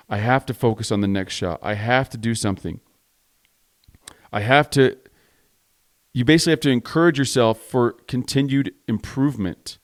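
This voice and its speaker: A man's voice: lowish voice, a little mellow. A man hosting a podcast for contractors, giving a blunt, emphatic motivational talk, stacking repeated phrases and swearing freely. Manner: drives points home with repeated parallel phrases. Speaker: podcast host and contractor coach. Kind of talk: motivational monologue.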